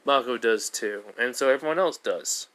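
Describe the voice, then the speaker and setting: A man's voice: mid-range voice, normal speed, pushed and bright. A man casually retelling a fan story, rambling with many fillers and self-corrections.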